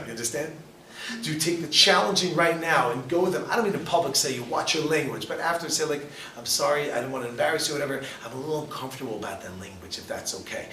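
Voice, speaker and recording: A man teaching a class as a rabbi, animated and full of rhetorical questions as he acts out quoted people. His voice sits a little high. He is heard from a distance in an echoey room with faint noise behind him. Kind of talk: lively lecture with questions to the audience.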